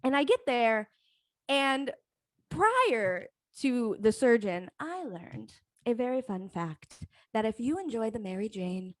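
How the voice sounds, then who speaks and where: A young adult woman telling a comic personal story on a live stream, profane, animated and self-mocking. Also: on the high side, takes it slowly, no room sound.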